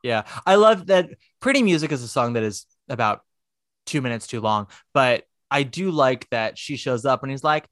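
A man co-hosting a podcast in casual chat, animated and profane, acting out quotes in put-on voices. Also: medium pitch, a little fast, no echo, studio quality. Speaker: podcast co-host.

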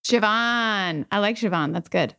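A woman's voice: medium pitch, measured pace, vocal fry, fairly bright tone, clear, resonant tone. A woman co-hosting a podcast, bubbly and enthusiastic, gushing in a casual chat. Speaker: podcast co-host.

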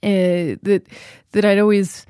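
A woman's voice: mid-range voice, little pitch movement, slow pace, mellow, clean tone, no room sound, clean studio sound. A woman in her thirties, a guest in an interview, talking reflectively and often restarting her sentences. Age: 30s. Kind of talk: casual interview chat.

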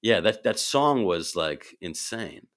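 A man, an improv performer and actor, telling animated stories in a casual chat and acting out the voices in them. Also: low voice, slow pace. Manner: animated, acts out voices in his anecdotes.

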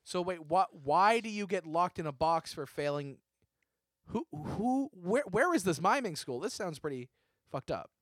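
A man's voice: high-pitched, lively intonation, fairly bright tone, dry recording, studio quality. Incredulous man firing questions. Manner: incredulous, rapid-fire questioning. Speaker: improv performer questioning the ghost. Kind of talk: improv comedy banter.

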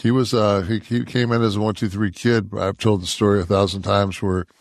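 A low, gravelly man talking loosely on a podcast, swearing freely as he wanders through a story. The sound is dry and close, with no room around it. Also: fairly even intonation, a little fast, no room sound. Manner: profane, rambling storytelling. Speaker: podcast co-host. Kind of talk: casual podcast chat.

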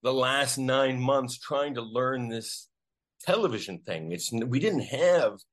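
A man, an actor, telling a story casually in an interview, animated and acting out the voices of people he quotes. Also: mid-range voice, takes it slowly. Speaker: actor guest.

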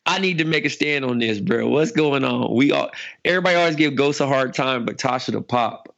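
A man's voice: mid-range voice, fairly quick, vocal fry, a bit bright, muffled recording. A man co-hosting a podcast, joking through crude banter in casual chat about a TV show. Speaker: podcast co-host.

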